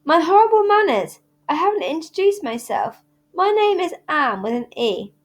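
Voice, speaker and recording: A woman reading aloud, voicing a chatty, dramatic, imaginative young girl with red pigtails who talks in flowery, theatrical rushes. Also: on the high side, expressive. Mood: gushing. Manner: flowery, theatrical, rushing talk.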